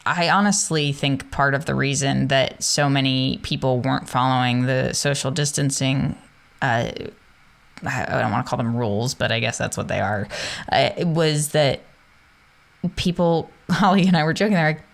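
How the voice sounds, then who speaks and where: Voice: medium pitch, moderate pace, gravelly. A podcast host asking long, rambling questions in a casual interview, full of fillers.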